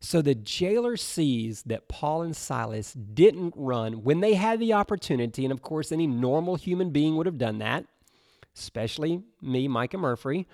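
A man giving an animated, jokey Bible lesson as a preacher, acting out what people might say. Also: normal speed, creaky, no echo, studio quality. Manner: expressive, jokey, acts out quotes with big pitch jumps.

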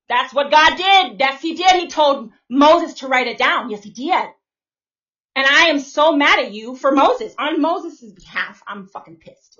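Woman preaching live, high bright voice, cusses a lot, dull and a bit far from the mic. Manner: confrontational, cursing, swinging between loud and soft. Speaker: self-styled prophetess and preacher. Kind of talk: fiery profane live preaching.

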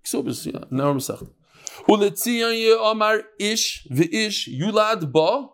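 High-voiced man teaching Gemara. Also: animated, slow, fairly bright tone. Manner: reads Aramaic then explains in English with jokes. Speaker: Talmud teacher. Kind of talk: Gemara class explaining text.

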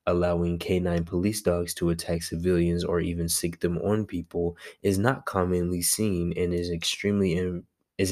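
Young guy, low creaky voice, rambles casually about his homework and fixes his slips as he goes. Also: a little mellow. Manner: rambling, self-correcting, slangy. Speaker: student. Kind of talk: casual vlog working through a class assignment.

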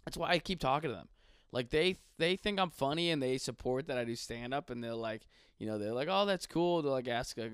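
A man's voice: mid-range voice, no room sound, clean studio sound. A man in his twenties, a stand-up comedian from Buffalo, delivering a profane, slangy comedic rant. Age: 20s.

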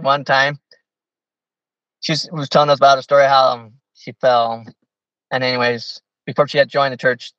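A man, a podcast guest, telling stories in a rambling, animated, casual way with many fillers. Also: medium pitch, no room sound, far from the mic, highs cut off. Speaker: podcast guest, former missionary. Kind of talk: casual storytelling.

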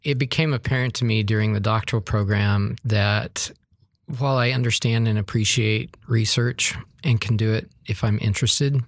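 Low-voiced man from Arizona, measured. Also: steady tone, no room sound, clean studio sound. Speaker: podcast co-host and professor. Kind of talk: casual chat.

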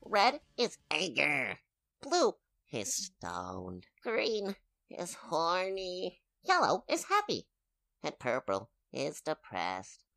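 A woman voicing a goofy, excitable male stoner adventurer in a comedy audio drama. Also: brisk, slightly rough, heavily acted. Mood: rambling. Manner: excitable, giggly, swooping pitch.

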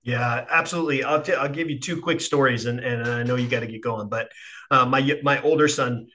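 A middle-aged man hosting a relaxed conversation. He tells a family story in a loose, conversational way and often restarts his sentences. His pitch sits in the middle range. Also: fairly quick, slight background noise. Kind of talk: casual conversation.

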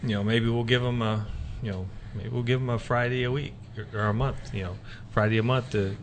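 A man's voice: mid-range voice, fairly even intonation, fairly quick, slight background noise. A man hosting a casual faith talk radio show, rambling with many fillers and restarts.

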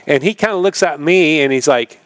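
A man's voice: a little high, brisk, no echo. Laid-back man telling racing stories. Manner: laid-back, rambling, laughs often, acts out quoted voices. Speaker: podcast guest, retired motocross racer. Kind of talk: casual storytelling interview.

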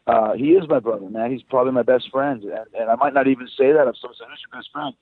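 A rock band frontman, guesting on a phone interview, chats loosely, swearing and telling stories. He speaks at medium pitch and a quick pace. The phone line sounds tinny and dry.

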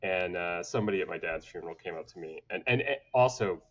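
Halting, low-voiced man telling family stories. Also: fairly bright tone. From Atlanta, southern United States. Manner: halting, many fillers and restarts, laughs while telling stories. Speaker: podcast guest, designer. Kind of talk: candid conversational storytelling. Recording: dull lo-fi audio.

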